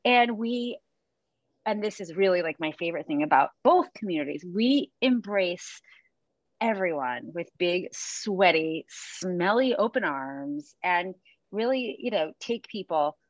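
A woman running coach, chatting on a podcast, telling lively stories and often laughing. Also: lowish voice, unhurried, no echo, muffled recording. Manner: chatty storyteller, laughs often, acts out quotes. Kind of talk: casual chat.

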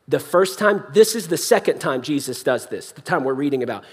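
A man's voice: a little high, animated, a little fast, slightly rough. A young adult man preaching a sermon in a church hall, impassioned yet conversational.

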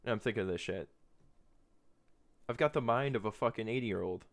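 Podcast host, man in his twenties, low voice, loose and profane monologue with frequent laughs. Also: a little fast. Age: 20s. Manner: rambling, profane, laughs often.

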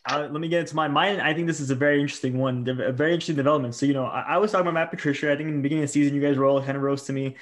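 A man's voice: fairly high pitch, steady tone. A man co-hosting a sports podcast in casual chat, teasing and swearing freely. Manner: fast, profane, teasing. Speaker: podcast co-host. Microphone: remote call mic.

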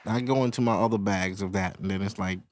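A man's voice: fairly low pitch, fairly even intonation, quick pace, background noise. A man hosting his own podcast, ranting casually and profanely straight to his listeners. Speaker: podcast host. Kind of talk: casual solo podcast rant.

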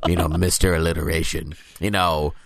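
A man's voice: a bass voice, level tone, normal speed, creaky, no echo, clean studio sound. A man co-hosting a podcast, chatting casually and slipping into silly character voices. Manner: jokey, does silly character voices mid-story. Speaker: podcast co-host. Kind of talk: casual chat recapping a TV episode.

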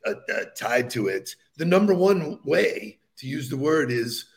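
A man co-hosting a podcast who leads the topics with enthusiasm. His voice is gravelly and slightly high for a man. He chuckles between his points in casual chat. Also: sing-song, measured pace. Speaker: podcast co-host.

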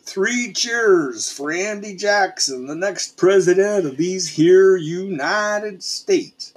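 A man's voice: fairly high pitch, big pitch swings, unhurried, slightly rough, full character voice. A man doing a hollering backwoods frontiersman. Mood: cheering. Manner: hollering, folksy drawl. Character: boisterous backwoods frontiersman hero, loud and boastful. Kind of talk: storybook reading.

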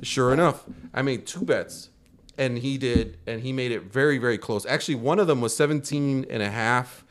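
A man hosts a podcast with a medium-pitched voice. His sports chat is casual, and he explains things at a relaxed pace. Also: normal speed. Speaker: podcast host.

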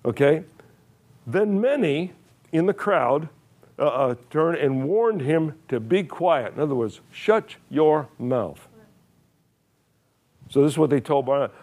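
This pastor's voice is a little high and animated, with a darkish tone and a moderate pace. His sermon uses simple, folksy words, and he stresses points, repeats himself, questions the congregation, and often says "uh" and starts over.

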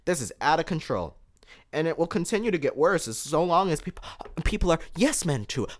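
A man's voice: fairly high pitch, big pitch swings, fairly quick. Podcast host, male, heated rant, voice swinging all over the place. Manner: fired-up, indignant, restarts and repeats words.

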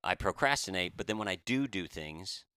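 A man co-hosting a podcast, telling a story in a casual, animated and self-deprecating way. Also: deep voice, normal speed, smooth, dry recording. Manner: animated, self-deprecating, quotes others in raised voice. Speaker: podcast co-host.

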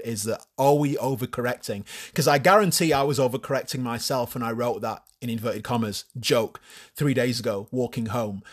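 A man hosting a solo podcast in a casual, crude way, swearing freely and mocking himself. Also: mid-range voice. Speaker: podcast host.

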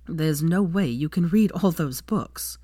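A woman voicing a proud young man who speaks in a wry, softly teasing way. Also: low voice, a little slow, no echo, studio quality.

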